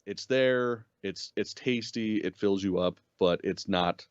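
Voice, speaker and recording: A man co-hosting a casual review show, talking in an animated way, swearing freely and acting out lines from scenes. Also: fairly low pitch, takes it slowly, clean tone, no echo, lo-fi sound. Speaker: podcast co-host.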